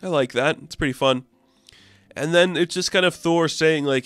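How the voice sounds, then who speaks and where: A man's voice: on the high side, moderate pace, a bit bright, no echo, faint music behind. A man casually recapping a comic book, chatty and enthusiastic. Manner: chatty, enthusiastic, acts out quotes.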